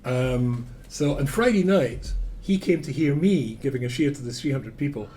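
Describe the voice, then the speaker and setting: Before a live audience, a Scottish rabbi with a Scottish accent delivers a Torah lecture, telling self-deprecating stories and moving between loud emphasis and quiet asides. His medium-pitched voice is expressive, and his pace is moderate.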